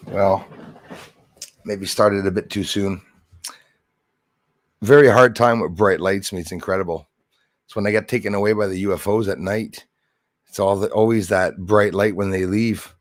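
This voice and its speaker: A man's voice: lowish voice, fairly even intonation, moderate pace, pauses often, no echo, studio quality. A man hosting a casual live stream, greeting viewers by name and rambling with jokey asides. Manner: rambling with many fillers and restarts.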